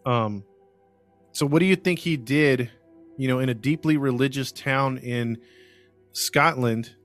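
An American man at an everyday mid pitch, hosting a podcast and spinning a true-crime story. He talks loosely, full of "you know" and restarts, laughing easily between points. Faint music sits under his voice. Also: a little slow, a bit bright. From United States. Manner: loose, conversational, many fillers, laughs easily. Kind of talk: casual storytelling chat.

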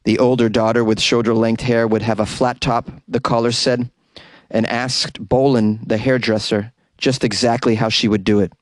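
A man's voice: mid-range voice, flat delivery, moderate pace, no room sound. Wry man reading weird news. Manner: wry, stumbles over hard words. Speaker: podcast host. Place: closet.

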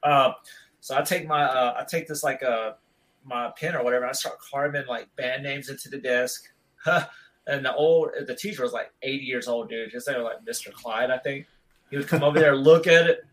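A man's voice: medium pitch, steady tone, brisk, a bit bright, poor audio. A man in his thirties telling a long school story in casual chat, rambling and laid-back, with "dude" in almost every sentence.

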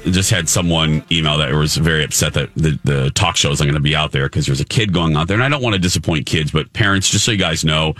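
A man's voice: extremely low pitch, fast, hardly any pauses, fairly bright tone, no echo. A man hosting a morning radio show, chatting casually and playfully with his co-hosts.

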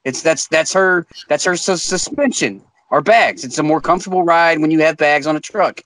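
A man with a high voice, talking through car repairs in a matter-of-fact way and swearing casually. The sound is dry and close, with no room around it. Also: moderate pace, a bit bright, dry recording. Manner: matter-of-fact, profane explainer. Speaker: podcast co-host. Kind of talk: casual chat.

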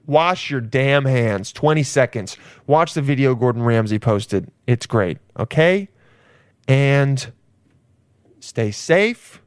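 A male podcast host talks in loose, rambling casual chat, swearing freely. His voice is smooth and clear. The recording is close and dry, with no room sound. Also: mid-range voice, animated, slow, no room sound.

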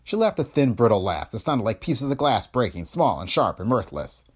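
A man's voice: lowish voice, sing-song, moderate pace, hardly any pauses, husky. A man narrating a first-person pulp detective story in a wry, slangy, hardboiled manner. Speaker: audiobook narrator.

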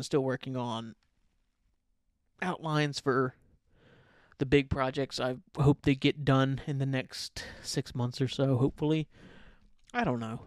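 A man's voice: medium pitch, a little mellow, no echo, studio quality. A man hosting a casual solo podcast, rambling loosely, swearing offhand and often trailing off. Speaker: podcast host.

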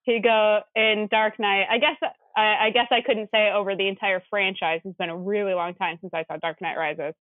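A woman in casual podcast chat who makes joking, quick asides. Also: mid-range voice, fairly even intonation, dry recording. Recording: tinny phone-like line.

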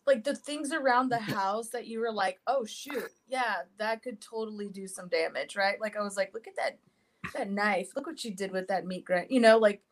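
A woman's voice: mid-range voice, moderate pace, poor audio. A woman co-hosting a casual movie podcast, rambling and giggly, often correcting herself as she goes. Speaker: podcast co-host. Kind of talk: casual film discussion.

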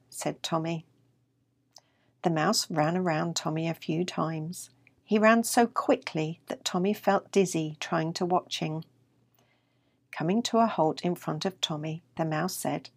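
An older woman, the author, reading her children's story aloud in a calm, even way. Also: fairly low pitch, a little slow, no echo.

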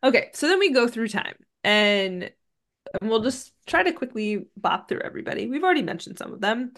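A woman's voice: on the high side, sing-song, a little fast, fairly bright tone. A woman co-hosting a casual podcast, recapping a movie plot from her notes in a chatty way with filler ums. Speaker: podcast co-host.

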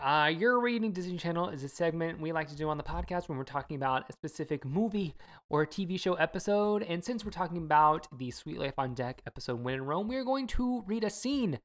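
Low-voiced sarcastic podcast co-host woman. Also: expressive, fairly quick, soft background music. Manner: chatty, sarcastic, lots of fillers. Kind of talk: casual chat.

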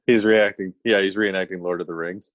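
Man, podcast co-host, relaxed casual chat, hesitant, lowish voice, dry sound. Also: fairly quick, no echo, highs cut off. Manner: relaxed, hesitant fillers, laughs along.

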